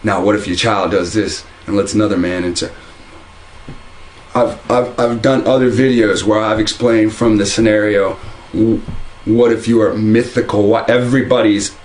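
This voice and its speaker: A fairly low-voiced man talks straight to camera from his home, heated and rambling as he circles back through restarts and repeated phrases. A faint hum of room ambience sits behind him. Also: rough recording. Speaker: religious video commentator. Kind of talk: casual monologue to camera. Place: at home, indoors.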